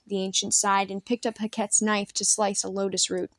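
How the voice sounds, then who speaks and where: A woman reads a novel aloud in a measured, even storytelling manner. Her voice sits at a middle pitch. The recording is dry, with no room sound. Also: no room sound. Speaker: read-aloud narrator. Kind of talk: storybook read-aloud narration.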